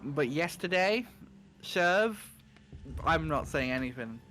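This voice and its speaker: A man's voice: a little high, lively intonation, takes it slowly, pushed and bright, soft background music. A man commentating a speedrun in casual chat, teasing his co-host and talking to chat.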